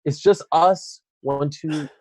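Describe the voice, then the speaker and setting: A man's voice: on the high side, takes it slowly, breathy edge, dry recording, rough recording. A man interviewing a guest, telling a long story in casual chat and acting out what people said. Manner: animated storyteller acting out quotes.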